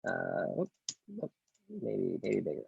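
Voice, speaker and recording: Male coding tutor: low, gravelly, husky voice, casual screen-recorded walkthrough full of ums and self-corrections. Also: wildly swooping pitch, takes it slowly, darkish tone, lo-fi sound. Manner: thinks aloud with many ums, self-corrections. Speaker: coding instructor.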